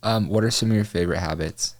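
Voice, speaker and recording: Deep-voiced male podcast host, dry sound. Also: quick pace, dry recording. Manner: short affirming interjections, enthusiastic. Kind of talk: casual interview talk.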